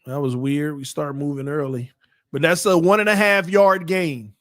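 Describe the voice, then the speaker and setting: A man calls a football game play by play for his fan show's watch party. His voice sits a little high, and the sound is dry and close. He gets excitable and talks straight to the players as the plays unfold. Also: moderate pace, no echo. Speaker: fan show host.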